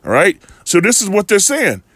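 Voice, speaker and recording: A man's voice: high voice, wildly swooping pitch, moderate pace, fairly bright tone, slightly rough, no echo. A man reading Bible verses aloud and commenting on them with earnest stress. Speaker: scripture reader. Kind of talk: reading and discussing scripture.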